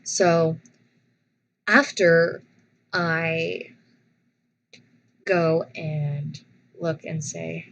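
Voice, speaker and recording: A young woman vlogger speaks slowly and a little low, with vocal fry, spinning a casual personal story. Her retelling is animated and dramatic with frequent restarts, on a rough recording with slight background noise.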